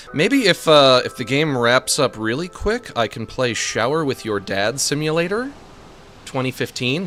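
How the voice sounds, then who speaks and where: A man's voice: mid-range voice, a bit bright. A man streaming a game, chatting casually and rambling with jokes and self-mocking asides. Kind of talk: casual chat on a live stream.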